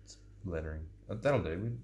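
A man in his thirties co-hosting a casual podcast, offhand and blunt, with low mumbled asides. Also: lively intonation, fast talker, a little mellow, lo-fi sound. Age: 30s. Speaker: podcast co-host.

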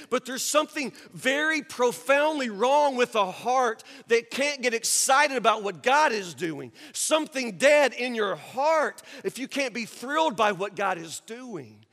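High-voiced preacher in a hall. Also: male voice. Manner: preaching with loud rising peaks and quiet asides. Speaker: pastor. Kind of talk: sermon. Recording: long hall reverb.

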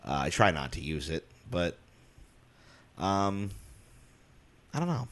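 Bright, sardonic man on a podcast. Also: low voice, lively intonation, takes it slowly. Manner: dark, sardonic humor. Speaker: podcast guest. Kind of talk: casual podcast chat.

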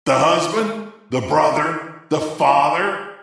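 A man voicing a menacing, demonic young man with a deep, taunting voice. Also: takes it slowly, a bit bright, heavy reverb, heavily acted. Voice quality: gravelly, taunting.

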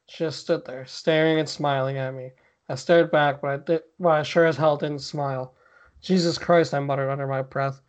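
Reading a spooky story for his podcast, a man with a slightly high, somewhat mellow voice hams up the lines with mock drama. He occasionally stops to chat and laugh, and the audio sounds dull and lo-fi.

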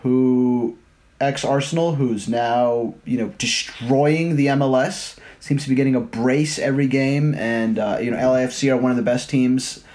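A man co-hosting a casual sports podcast, talking animatedly about football players and teams. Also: medium pitch. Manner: animated, quick to correct pronunciation. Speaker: podcast co-host.

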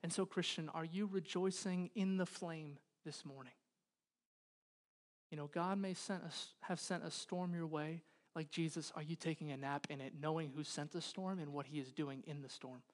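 Pastor guy in his 30s preaching, emotional, goes from loud and pleading to quiet and intense. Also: fairly high pitch, fairly even intonation, moderate pace. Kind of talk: sermon. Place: church hall.

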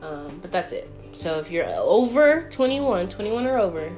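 A young woman telling a story in a chatty, animated way, full of fillers, answering viewer questions. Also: fairly low pitch, moderate pace, faint music behind. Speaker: vlogger. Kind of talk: casual Q&A storytelling.

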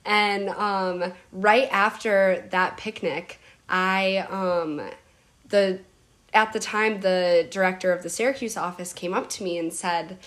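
A young woman on camp staff, chatting casually with many fillers and pauses. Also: mid-range voice, fairly even intonation, a bit bright. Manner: heartfelt, halting, many fillers. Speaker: camp summer staff member. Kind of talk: casual chat.

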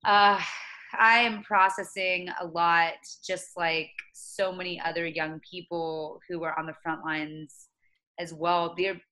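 A woman in her late twenties speaking as an interview guest, earnest and reflective, often pausing and restarting. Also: fairly low pitch, fairly even intonation, sharp tone, low-quality recording. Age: 20s. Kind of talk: conversational interview.

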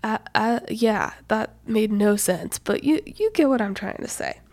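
A young woman in her twenties talks through her solo podcast in a loose, chatty way, full of "like" and "you know." Her voice is stuffy-nosed and a little breathless, with a gravelly fry at the ends of phrases. The sound is dry and close, with no room around it. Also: fairly high pitch, lively intonation, unhurried, darkish tone, no room sound. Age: 20s. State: stuffy nose. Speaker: podcast host. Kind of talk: casual solo podcast chat.

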